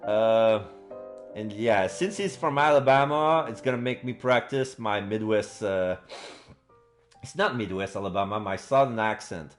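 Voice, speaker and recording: Slow-talking male streamer, halting. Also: fairly low pitch, faint music behind. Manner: halting, many fillers, excitable. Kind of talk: casual live-stream chat.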